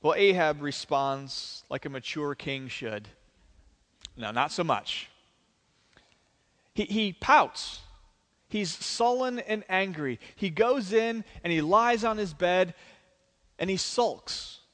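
Male pastor, sermon, animated storytelling, high voice, long church reverb. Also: a little slow. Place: church sanctuary.

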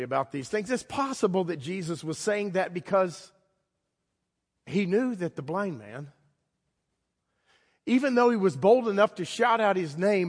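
Man preaching a sermon like telling a story, pretty high voice, big echoey church. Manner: storytelling, conversational, with dramatic pauses. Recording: long hall reverb.

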